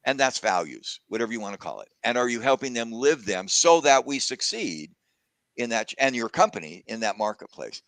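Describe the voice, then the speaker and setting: A man talks through a video call, sharing a personal story in an earnest, reflective way. His voice is close and dry, with no room around it, and his pitch sits in the middle. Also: very animated, brisk, dry recording. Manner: warm reflective storytelling, gets emotional. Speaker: guest speaker. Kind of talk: casual conversation on a video call.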